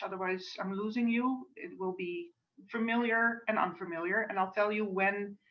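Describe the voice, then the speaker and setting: Dutch-accented woman cantor on video call. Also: on the high side. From Netherlands. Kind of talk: friendly introductory talk before a service. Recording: distant, muffled video call audio.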